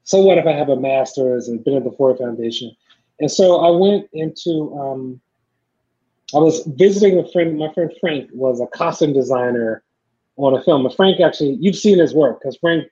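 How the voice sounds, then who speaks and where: A middle-aged man telling stories in a casual chat, acting out the people he quotes in lively voices. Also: on the high side, moderate pace, slightly rough. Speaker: podcast guest, filmmaker. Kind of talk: casual storytelling. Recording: dull lo-fi sound.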